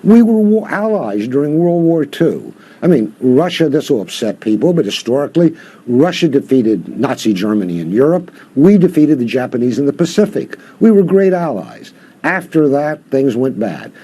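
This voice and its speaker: A man's voice: medium pitch, sing-song, normal speed, dark tone, breathy edge. An older man, a professor guest, giving impassioned interview commentary full of rhetorical questions.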